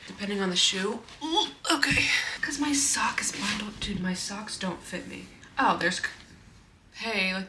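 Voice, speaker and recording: A woman's voice: medium pitch, noisy background. A young woman and fitness coach chatting casually to her phone camera in a vlog, bubbly and swearing now and then. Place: home, then car and gym.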